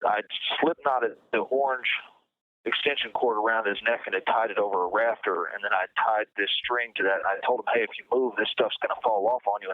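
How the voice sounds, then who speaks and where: A man interviewed as a guest over a phone line, talking in a halting way and often repeating words. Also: lowish voice.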